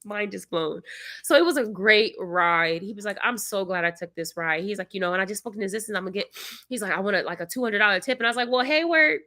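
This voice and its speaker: A tired, congested young woman, casually telling a story to her livestream viewers. She acts out the people she quotes and sometimes bursts out loudly. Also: medium pitch, fast talker. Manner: animated storyteller, acts out quotes, sudden loud outbursts. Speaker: vlogger, mother of young kids.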